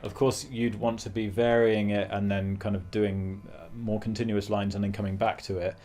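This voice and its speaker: A man's voice: on the low side, level tone, moderate pace, a little mellow. A man teaching a guitar lesson, explaining phrasing and singing rhythm syllables between his points. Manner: thinking aloud with fillers and restarts. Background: guitar playing.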